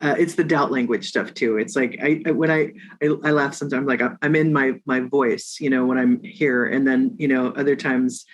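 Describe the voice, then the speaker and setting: A woman's voice: extremely low pitch, steady tone, normal speed, hardly any pauses, low-quality recording. A woman hosting a casual podcast interview. She talks in a loose, rambling way, full of fillers, and keeps cheering her guest on with small agreeing sounds. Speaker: podcast host.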